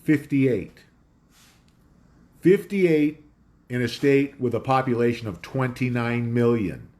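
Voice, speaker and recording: A man's voice: medium pitch, normal speed, a little mellow. A man hosting a casual talk show from home, rambling in a conspiratorial monologue with a dog nearby.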